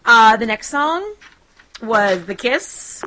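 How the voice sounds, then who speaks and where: Bright-voiced chatty young woman. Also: a little high, slight background noise, poor audio. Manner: chatty, animated, acts out scenes in quick bursts. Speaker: podcast co-host. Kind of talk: casual chat.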